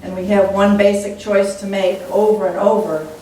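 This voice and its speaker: A woman's voice: flat delivery, normal speed, warm tone. Earnest woman minister in an echoey hall. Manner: earnest, reflective teaching tone. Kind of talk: sermon. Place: church sanctuary. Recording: echoey church hall, mic at a distance, faint rumble.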